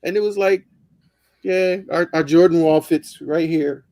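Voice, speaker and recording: A man co-hosting a podcast, chatting casually in a relaxed, rambling way with many fillers. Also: fairly high pitch, measured pace, no room sound. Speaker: podcast co-host. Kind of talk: casual chat.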